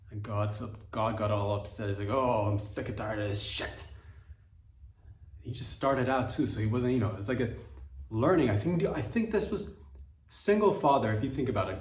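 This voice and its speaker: A man delivering a rambling, irreverent comedic monologue as a podcast host, dropping into quick voices for quotes. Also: medium pitch, darkish tone, reverberant.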